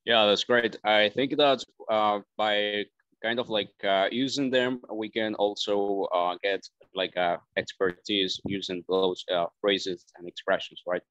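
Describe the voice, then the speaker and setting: A male student speaks up in an online class, halting and full of fillers. His voice is low and smooth. The audio over the call is dry and dull. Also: fairly even intonation, fairly bright tone, no room sound. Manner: hesitant, many fillers. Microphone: video call.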